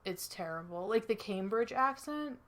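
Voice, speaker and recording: A young woman from Kansas co-hosting a podcast, telling stories in a dry, deadpan way. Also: mid-range voice, normal speed. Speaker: podcast co-host. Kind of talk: casual chat.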